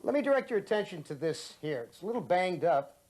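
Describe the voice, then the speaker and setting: A man in his late fifties from Ohio, reading his own story aloud and then giving sardonic commentary in a dramatic, expressive way. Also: high voice, quick pace. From Ohio, USA. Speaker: host and author.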